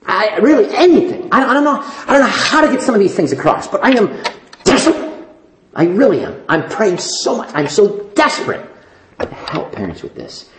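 Pleading preacher in an echoey room. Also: male voice, high voice, big pitch swings, moderate pace, noisy background. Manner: pleading, emphatic, repeats phrases for stress. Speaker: pastor. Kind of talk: sermon.

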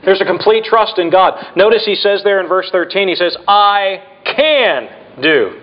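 A man's voice: high voice, steady tone. Preaching man, lo-fi church recording. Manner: preaching with emphatic slowdowns and dramatic drops in volume. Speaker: pastor. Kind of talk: sermon.

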